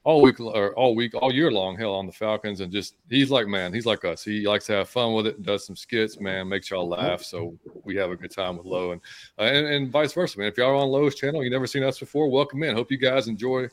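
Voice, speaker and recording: A man's voice: on the low side, fairly quick. Laid-back man hosting a podcast. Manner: laid-back, rambling, says "man" a lot. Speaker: podcast host. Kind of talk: casual fan podcast chat.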